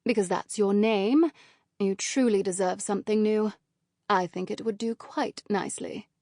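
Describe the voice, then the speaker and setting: A woman's voice: mid-range voice, fairly even intonation, normal speed, darkish tone, no room sound, close to an everyday voice. Sweet young friend, gushy and a bit prim, done by a lady reading, dry voice.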